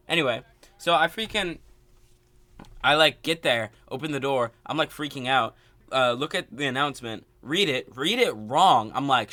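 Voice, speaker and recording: A young man telling a casual storytime rant, animated and exasperated, full of filler words. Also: mid-range voice, moderate pace, no room sound. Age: young adult. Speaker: vlogger.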